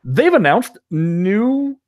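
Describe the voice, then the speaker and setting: A man's voice: high voice, drawn-out words. A middle-aged man hosting a podcast in casual chat, talking with lots of fillers and frequent laughs. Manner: animated, laughs often, many fillers. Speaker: podcast host.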